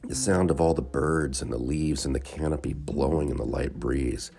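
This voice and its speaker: Calm male narrator for a kids' story, warm and deep. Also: normal speed, gravelly. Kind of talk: scripted children's story narration.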